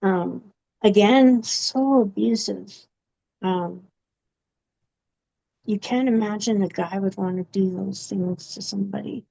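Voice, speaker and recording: A woman giving a personal testimony in an interview, speaking haltingly with many pauses and fillers. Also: mid-range voice, fairly even intonation, dark tone. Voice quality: gravelly. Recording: dull, muffled recording.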